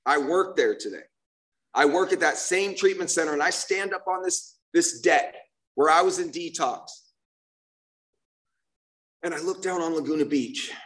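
A man's voice: on the high side, moderate pace, pauses often, a bit bright. A man delivers an emotional recovery testimony to a meeting, speaking from the heart in a slightly raised register. He talks in an earnest, plain way, often stumbling and restarting his sentences, and peppers them with "man" and "you know what I mean.".

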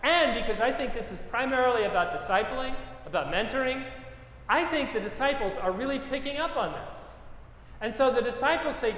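A man's voice: very high voice, animated, brisk, a bit bright, a little hiss or hum. A middle-aged man, a pastor, preaching a sermon with emphatic repetition and personal stories. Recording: echoey hall with long reverb.

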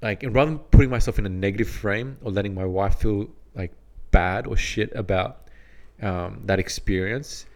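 A man with a very deep, low-pitched voice tells a long personal story on a podcast. He talks in a relaxed, meandering way and often restarts his sentences. The tone is easygoing chat. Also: normal speed. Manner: laid-back, rambling, frequent restarts. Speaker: podcast co-host. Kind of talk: casual storytelling.

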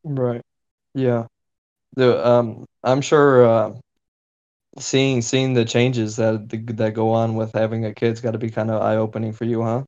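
A man's voice: medium pitch, flat delivery, unhurried, a little mellow, smooth. A man hosting a podcast in casual chat, laid-back, swearing casually and filling with "you know". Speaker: podcast host. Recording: dull lo-fi sound.

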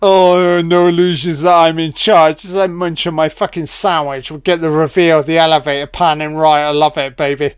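A drunk man rambling and swearing excitedly through a film commentary. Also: fairly high pitch, moderate pace, few pauses, clean tone, no echo, clean studio sound. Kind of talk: audio commentary over a film.

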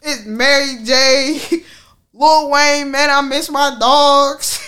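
A vlogger with a high, pushed, bright voice talks very slowly in a steady tone. She tells viewers a personal story frankly, laughing often and using slang and profanity.

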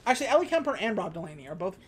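A podcast co-host in casual chat, retelling a movie's scenes and slipping into quick character voices for the lines. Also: medium pitch, very animated, breathy edge.

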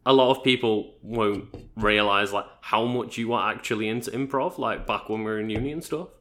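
A young man interviewing a friend in a casual chat, easygoing and quick to laugh. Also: fairly low pitch, a bit bright. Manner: easygoing, laughs often, many backchannels.

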